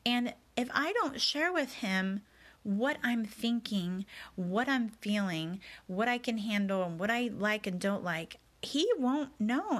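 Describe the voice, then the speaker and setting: A woman telling a personal story in a candid, confessional, reflective way as a podcast host. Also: fairly high pitch.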